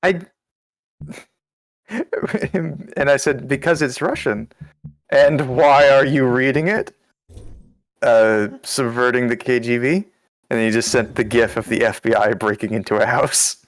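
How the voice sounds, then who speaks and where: A man's voice: mid-range voice, measured pace, pauses often, no echo, clean studio sound. A man chatting with a streamer in a teasing way, laughing often. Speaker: co-host on stream. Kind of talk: casual banter.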